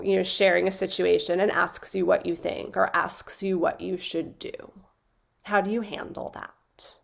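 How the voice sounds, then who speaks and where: Creaky-voiced woman teaching coaches. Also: medium pitch, a little slow, darkish tone. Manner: earnest, reflective, with frequent "right?" check-ins. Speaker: coaching instructor. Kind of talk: teaching on a group coaching call.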